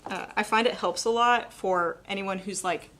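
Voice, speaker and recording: A young adult woman giving a live painting demonstration, talking quickly and chattily and laughing often. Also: medium pitch, a bit bright. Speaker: painting instructor.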